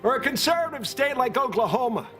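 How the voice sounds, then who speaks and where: A man's voice: extremely high pitch, lively intonation, fast talker, a bit bright. Man doing a folksy old politician. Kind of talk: impression on a talk show. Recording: music and studio audience.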